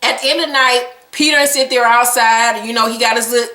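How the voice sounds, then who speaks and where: A woman vlogger recapping a reality episode in casual, profane, animated storytelling. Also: fairly high pitch, quick pace, reverberant. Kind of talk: casual chat.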